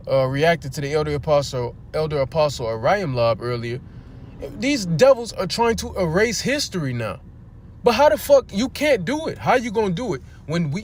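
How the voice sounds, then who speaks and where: A high-pitched man preaches informally on a livestream near a street, teaching from scripture. He reads verses aloud, asks rhetorical questions of his listeners, and swears bluntly as he drives his points home.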